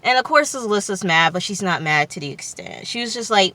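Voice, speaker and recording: Chatty woman vlogger, bright slangy voice. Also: medium pitch, normal speed, hardly any pauses. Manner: slangy and loose, swears freely, chatty asides. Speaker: TV recap vlogger. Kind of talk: casual episode recap.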